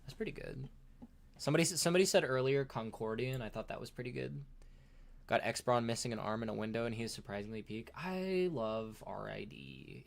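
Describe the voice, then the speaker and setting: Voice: medium pitch, gravelly. A livestream host chatting casually with chat while unboxing a toy, rambling and laughing often.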